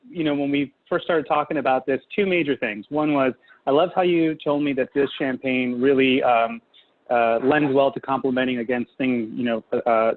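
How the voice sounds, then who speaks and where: A man from California, a guest chef talking casually and enthusiastically, with many fillers, over a video call. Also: medium pitch. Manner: chatty, filler-heavy, enthusiastic. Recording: tinny video-call audio, faint hiss.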